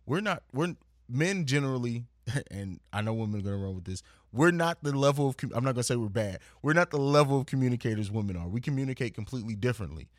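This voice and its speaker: A man's voice: mid-range voice, expressive, quick pace, no room sound. Earnest man in a dry, close recording. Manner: earnest, reflective, with frequent restarts. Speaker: podcast guest. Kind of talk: casual podcast chat.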